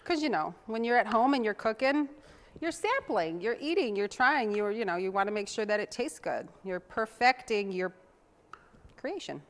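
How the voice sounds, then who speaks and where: A woman's voice: fairly high pitch, expressive, normal speed. A young woman hosting a TV cooking show, chatting in a homey way while she chops and mixes. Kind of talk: casual cooking demonstration.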